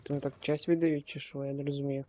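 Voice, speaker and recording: A man's voice: mid-range voice, level tone, fast talker, dark tone. A man from Ukraine giving casual let's-play commentary, joking and muttering reactions to the game. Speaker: gaming streamer.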